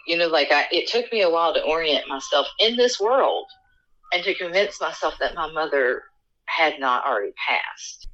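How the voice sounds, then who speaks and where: A middle-aged woman shares a personal story as a podcast guest, earnest and halting, often emotional. Her voice is bright and ringing, while the recording sounds dull and lo-fi. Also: sits low, expressive.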